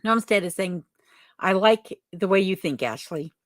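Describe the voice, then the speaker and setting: A woman's voice: medium pitch, animated, unhurried, dry recording, studio quality. A woman hosting a livestream chat who reads viewer comments aloud and greets people by name in a friendly, chatty way. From lives in Alaska. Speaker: livestream host.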